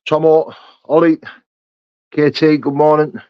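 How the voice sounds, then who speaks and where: A young man's voice, a little high and clean-toned, moves unhurriedly with fairly even intonation as he hosts a casual live chat. He reads out and greets viewers by name and answers their questions in a chatty, matey way. No room sound, but the audio is dull and muffled.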